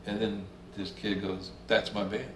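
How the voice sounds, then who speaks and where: A man's voice: lowish voice, level tone, measured pace, a bit bright, a little hiss or hum. A man telling stories in a casual interview, laid back, swearing freely and acting out what people said. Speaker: interview guest, musician. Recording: roomy room sound, faint ambience.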